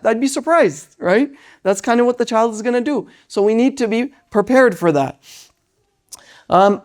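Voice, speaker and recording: Animated lecturer on Islamic parenting. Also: medium pitch. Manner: animated, tags lines with "right?"; acts out parents and children in quoted voices.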